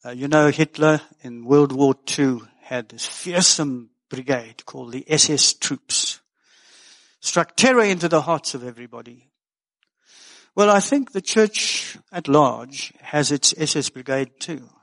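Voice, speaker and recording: A man's voice: on the high side, animated, measured pace, a bit bright. An older man preaching a sermon as pastor, folksy and earnest with joking asides.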